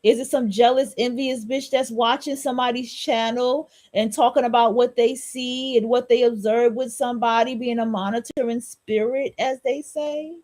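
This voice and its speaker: Blunt high-voiced woman podcast host. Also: steady tone, moderate pace, hardly any pauses, a little mellow. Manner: blunt, repetitive, preachy and profane. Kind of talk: solo podcast monologue.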